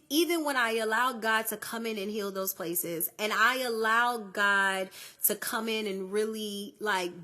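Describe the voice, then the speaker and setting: A woman's voice: mid-range voice, pushed and bright. A woman hosting a faith-based podcast, talking earnestly and conversationally straight to her listeners in folksy phrasing. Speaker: podcast host.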